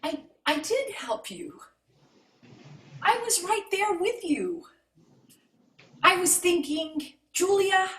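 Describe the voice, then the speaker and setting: A woman improvising a scene over a video call, insistent and teasing, saying the same thing again and again. Her voice is high and slow. She sounds far from the mic, in an echoey room with faint noise. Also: big pitch swings, a bit bright. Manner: insistent, teasing, repeating herself. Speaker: improv performer.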